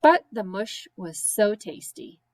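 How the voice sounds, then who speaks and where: A woman teacher reading silly children's poems aloud with slow, sing-song, playful emphasis. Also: medium pitch, sing-song, a little mellow, rough recording. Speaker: special education teacher.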